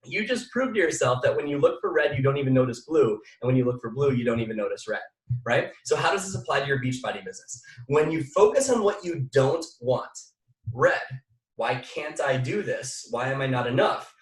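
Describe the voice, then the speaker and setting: A young man giving a motivational training talk, emphatic and energetic, speaking straight to his audience and hammering phrases through repetition. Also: mid-range voice, a little fast. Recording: echoey room, mic at a distance.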